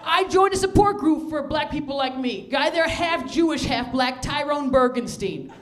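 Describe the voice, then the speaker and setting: Woman, stand-up comedian, high voice, laughing asides, shouted punchlines, faint audience. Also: animated, normal speed, a crowd in the background.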